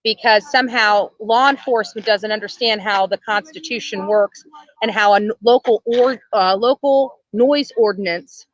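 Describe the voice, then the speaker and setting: A man's voice: high voice, normal speed, a bit bright, no room sound. A man, livestreaming outdoors at a protest and rambling to viewers with many fillers. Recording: dull, muffled stream audio.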